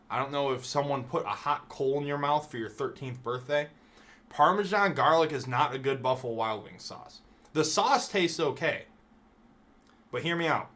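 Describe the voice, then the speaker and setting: A man's voice: mid-range voice, a bit bright. A man streaming live, ranking things in a casual, profane, mock-outraged rant.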